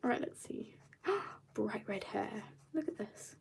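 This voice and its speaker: Her mid-range voice is sing-song, slow, creaky and husky as she draws live for viewers. She rambles casually from joke to joke, now and then trailing off into quiet mutters.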